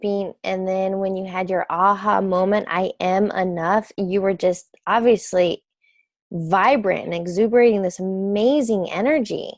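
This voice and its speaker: A woman hosting a podcast, asking a reflective question in a slow, measured way. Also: mid-range voice, fairly even intonation, no room sound, studio quality. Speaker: podcast host. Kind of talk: interview question.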